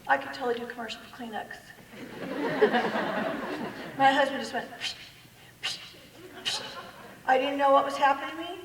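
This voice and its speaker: A woman giving an animated personal testimony in a church hall, full of self-mocking humor and acted-out quotes. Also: high-pitched, normal speed, long pauses, distant mic, background noise. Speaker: guest speaker. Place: large church hall with an audience. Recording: echoey hall recorded from afar.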